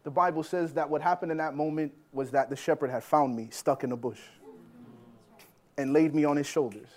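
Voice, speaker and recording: A man preaching a sermon as a personal story, animated, swinging between loud bursts and hushed lines. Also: a little high, fairly quick. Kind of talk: sermon testimony.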